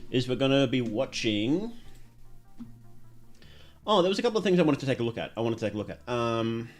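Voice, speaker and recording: A man, chatting casually on a livestream, rambling with many fillers and restarts. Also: medium pitch.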